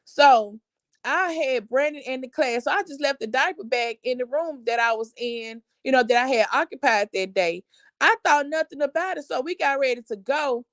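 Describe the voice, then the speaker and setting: A middle-aged woman hosting a family live show, telling a story in an animated, expressive way. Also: sits high, moderate pace, dry recording. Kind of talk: casual storytelling chat.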